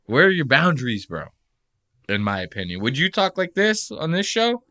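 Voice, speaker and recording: A man hosts a podcast in a loose, profane rant, mocking what he has just watched. His voice is bright and swings widely in pitch. The sound is dry and close. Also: sing-song, normal speed, dry recording. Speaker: podcast host. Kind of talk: casual comedic podcast rant.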